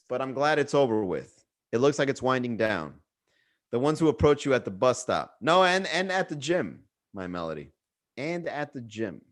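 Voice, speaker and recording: A young man hosting a comedy livestream podcast, talking loosely in a swearing, bro-talk storytelling way. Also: medium pitch. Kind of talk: casual livestream chat. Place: Miami.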